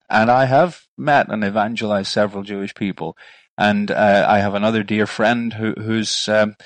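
A man's voice: lowish voice, steady tone, moderate pace. A middle-aged man with a Northern Irish accent, speaking earnestly as a ministry guest in a conversational interview, often repeating words as he starts a phrase.

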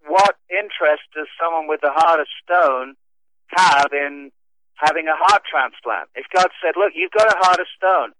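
A man's voice: fairly high pitch, bright, forceful tone, dry recording. A male guest with a mid-Atlantic accent, between British and American, talking earnestly and wryly on a radio show over the phone. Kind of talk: casual radio talk show conversation. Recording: tinny phone line.

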